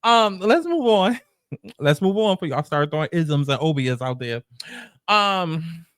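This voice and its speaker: Brief: young man, New York accent, sassy profane recap host, slightly high voice, dry close sound. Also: a little slow, dry recording. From the Bronx, New York. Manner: sassy, animated, profane storytelling with mock quotes. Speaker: commentary host. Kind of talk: reality show recap commentary.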